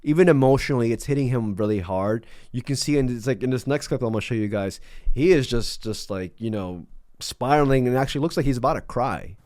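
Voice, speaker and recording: A man's voice: mid-range voice, brisk, a little mellow, no echo. A man doing casual, mocking commentary on a video clip, laid-back and loose. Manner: mocking, laid-back, many fillers and restarts. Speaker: commentary YouTuber.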